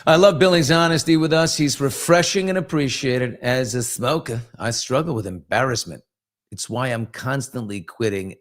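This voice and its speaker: A man in his fifties hosting a casual live chat, reading viewer comments and telling candid, rambling stories. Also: a little high. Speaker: host.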